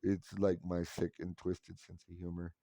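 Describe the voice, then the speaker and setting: Low-voiced rambling man in his forties. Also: completely flat delivery, normal speed, mellow, dry recording, studio quality. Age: 40s. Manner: rambling, profane, wry self-mocking. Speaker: vlogger. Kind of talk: casual storytelling monologue.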